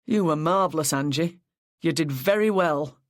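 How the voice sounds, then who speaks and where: A brisk, hearty senior police officer , as an audiobook narrator puts him on, who praises his junior freely. His lines come out a little raised and lively against the narration, and the sound is dry and close. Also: mid-range voice, no echo, natural voice. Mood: relieved. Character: senior male police officer, relieved and warm.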